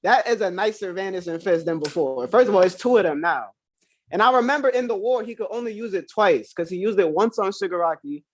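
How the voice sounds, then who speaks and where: A young man with a high, light voice co-hosts a laid-back manga chat. He talks in quick, slangy bursts, full of excitement and jokes with his co-host. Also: slight background noise. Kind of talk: casual manga discussion.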